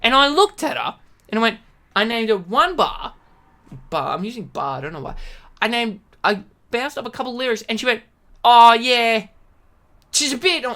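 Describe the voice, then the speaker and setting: A woman's voice: a little high, very animated, normal speed, pushed and bright. A woman streamer ranting aggressively with lots of swearing and exasperated outbursts. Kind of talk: profane ranting commentary.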